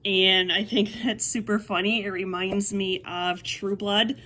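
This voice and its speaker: Slow, wry woman reviewing a book. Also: medium pitch, level tone, pushed and bright. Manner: wry, sarcastic, laughs while talking. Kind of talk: casual book review chat.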